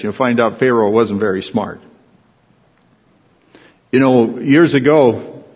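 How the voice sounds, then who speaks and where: A man's voice: medium pitch, slightly rough, in a large hall. A man, a pastor preaching a sermon in a folksy storytelling way, with emphatic rises.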